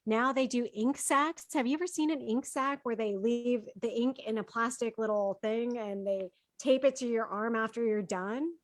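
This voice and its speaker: A woman's voice: fairly high pitch, steady tone, normal speed, few pauses, no room sound. A woman hosting a casual podcast chat, talking freely and steering the group to the week's stories. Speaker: podcast host.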